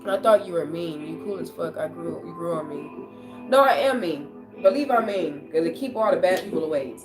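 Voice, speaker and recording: A woman's voice: on the low side, moderate pace. Sick woman chatting on a livestream. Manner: chatty, answering comments aloud. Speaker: livestream host. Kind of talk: casual livestream chat with viewers. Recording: echoey room, far from mic, music playing.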